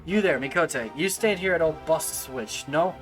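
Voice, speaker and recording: A man's voice: fairly high pitch, expressive, normal speed, faint music behind, close to an everyday voice. A man reading aloud as a blunt male soldier from a game, in a dry, scornful drawl.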